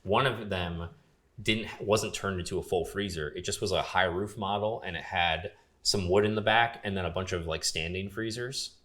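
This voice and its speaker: A man's voice: low-pitched, moderate pace, fairly bright tone. A young man casually telling a long story as a podcast guest, full of fillers and quoted dialogue. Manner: laid-back, lots of fillers, quoting others. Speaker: podcast guest, grip and gaffer.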